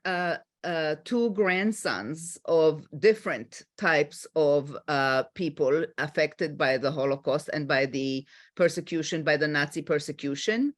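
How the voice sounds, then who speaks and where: Israeli woman, middle-aged, panel moderator; deep for a woman, unhurried, halting delivery. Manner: slow, halting, many fillers.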